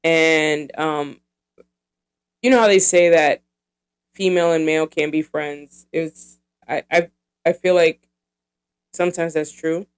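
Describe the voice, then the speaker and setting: A woman in her thirties hosts her own podcast in a loose, rambling monologue. Her voice is smooth and clean. She swears freely and fills pauses with plenty of ums and likes. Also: low voice, fairly even intonation. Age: 30s. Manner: rambling and profane, heavy with fillers. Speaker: podcast host.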